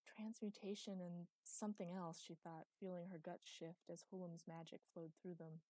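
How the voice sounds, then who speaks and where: A woman narrating a fantasy audiobook with a measured, expressive delivery. Her voice sits low and mellow, recorded dry and close. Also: dry recording.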